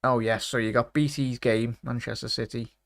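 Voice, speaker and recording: In a dry, studio-quality recording, a man hosting a football watchalong livestream reads comments and casually greets viewers by name with "big up" and "mate." His voice is medium-pitched and creaky, with fairly even intonation at a moderate pace.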